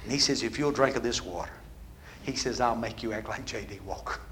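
A man preaching a sermon with call-and-response that builds into shouting. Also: medium pitch, a little fast, a little hiss or hum.

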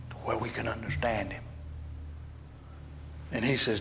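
A man preaching a sermon in a church, moving between loud proclaiming and hushed, almost whispered passages. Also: on the low side, fairly even intonation, a little slow, vocal fry, long pauses, slight background noise.

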